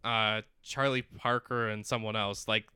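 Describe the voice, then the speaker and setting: A man chatting casually, retelling a story in an animated way, with lots of "like". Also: on the low side, unhurried, clean tone, no echo. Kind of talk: casual chat.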